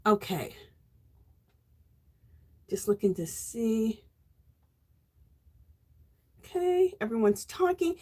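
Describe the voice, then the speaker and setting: A woman hosting a casual crafting live stream, warmly greeting viewers by name and reading their chat messages aloud. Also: on the high side, sing-song, extremely slow, pauses often, husky. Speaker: livestream host.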